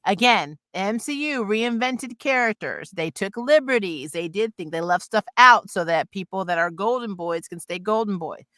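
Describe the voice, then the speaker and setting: A woman co-hosting a casual podcast chat about comics and films, animated and quick with laughs and asides. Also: mid-range voice, dry recording, clean studio sound. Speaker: podcast co-host.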